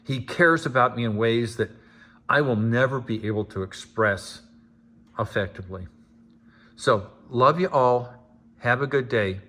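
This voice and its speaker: A man delivering a mock-sincere, deadpan sarcastic monologue as a homeowner vlogger. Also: medium pitch, unhurried, long pauses.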